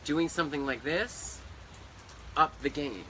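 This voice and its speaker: A man who performs as a drag queen, trading teasing, bawdy remarks out on a back deck. His voice sits a bit high and sounds crisp and bright, with faint rain and outdoor ambience in the background. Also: unhurried, slight background noise, low-quality recording. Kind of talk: casual chat.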